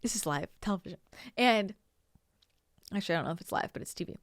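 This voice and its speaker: A woman's voice: mid-range voice, lively intonation, quick pace, dry recording, clean studio sound. A woman from Northern California, hosting her show and rambling casually through a story with lots of "like" and "you know". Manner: chatty, rambling, heavy use of "like" and "you know". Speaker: channeler and show host.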